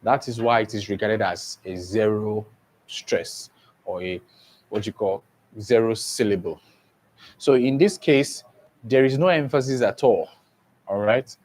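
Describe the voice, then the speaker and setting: A Nigerian man with a lowish, somewhat dark voice teaches an English exam-prep lesson. He speaks slowly, repeats each point, and keeps asking whether his students understand.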